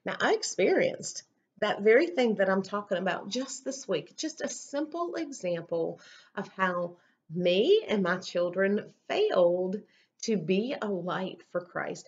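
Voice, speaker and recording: A woman's voice: mid-range voice, muffled recording. A woman pastor preaching a sermon in an earnest, conversational storytelling manner.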